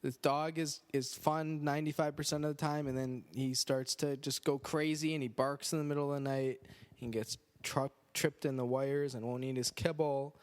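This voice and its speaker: A man's voice: fairly high pitch, level tone, normal speed. A man hosting a casual podcast indoors, with a dry, sarcastic, joking way of talking. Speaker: podcast host. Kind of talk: casual chat. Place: indoors on a couch.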